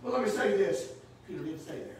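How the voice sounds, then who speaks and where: A man preaching a sermon in a church, rising to shouts and dropping low. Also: animated, a little fast, slight background noise. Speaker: pastor. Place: church sanctuary. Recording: echoey church room from far off.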